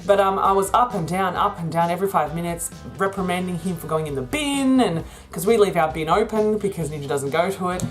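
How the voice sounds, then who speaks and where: A woman's voice: on the low side, a little fast, hardly any pauses, faint music behind. A woman talking through a rambling, casual vlog about her business, laughing often. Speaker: vlogger and virtual assistant business owner.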